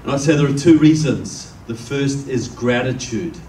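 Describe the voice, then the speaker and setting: A man's voice: medium pitch, lively intonation, normal speed, warm tone, a little hiss or hum. Kiwi guy giving a talk to a crowd, chatty storyteller, sounds far from the mic in a roomy space. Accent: New Zealand. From New Zealand. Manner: conversational storyteller, jokes with the crowd. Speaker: guest speaker. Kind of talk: public speech to a live audience. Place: meeting room with an audience. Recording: echoey room, distant mic.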